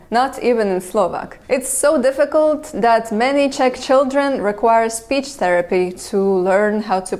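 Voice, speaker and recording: A woman, a language channel host, giving measured, scripted explanations with touches of dry humor. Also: on the high side, darkish tone. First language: Russian. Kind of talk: scripted educational narration.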